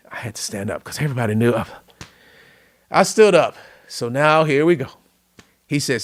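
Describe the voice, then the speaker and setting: Middle-aged man, podcast guest, earnest storytelling, dry close sound, mid pitch. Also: normal speed, long pauses, no echo. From Louisiana. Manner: earnest, tearful at moments, animated retelling. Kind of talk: emotional storytelling.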